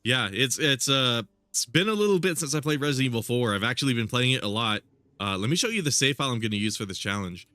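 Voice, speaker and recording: Congested young man streaming, bright voice. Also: medium pitch, lively intonation, fast talker, no room sound. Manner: rambling, filler-heavy, with frequent laughs. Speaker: game streamer. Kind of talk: casual live-stream gameplay commentary.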